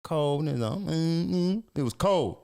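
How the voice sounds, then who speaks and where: A man's voice: fairly high pitch, expressive, unhurried, vocal fry, a little mellow. A man co-hosting a sports podcast, telling a story in a laid-back, slangy way. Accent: American. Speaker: podcast co-host.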